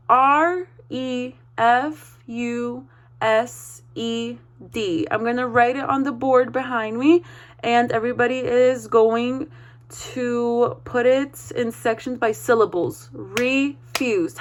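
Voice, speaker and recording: A woman teaching a read-aloud vocabulary lesson, spelling words out slowly and encouraging the class. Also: a little high. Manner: slow, spells words letter by letter; encouraging, checks in with "okay?".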